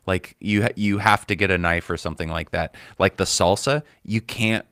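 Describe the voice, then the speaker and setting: Male comic host, loose rambling delivery, swears freely; low, smooth, dry-miked. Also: normal speed, fairly bright tone, no echo. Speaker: comedian host. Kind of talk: casual commentary on clips.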